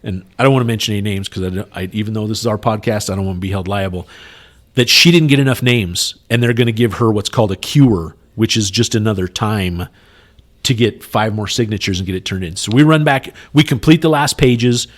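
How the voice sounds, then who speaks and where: A man's voice: lowish voice, a little fast. A man co-hosting a podcast, telling a long story in casual chat and acting out the other people's lines in quotes. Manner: animated, retells scenes in quoted dialogue, many "you know" fillers. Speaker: podcast co-host.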